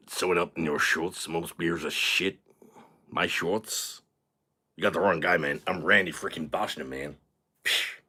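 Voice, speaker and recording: A man's voice: sits low, fairly even intonation, unhurried, long pauses, pushed and bright, slightly rough, exaggerated voice. A British man putting on a crude, cocky American character with a put-on American accent, swaggering and vulgar on a live stream. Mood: boastful.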